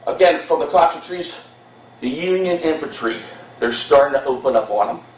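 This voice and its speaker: A man giving an impassioned, dramatic history talk to an audience, telling the story with shifting pace. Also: fairly high pitch. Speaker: history presenter. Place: hall at a historical society event. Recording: echoey hall, distant, dull lo-fi.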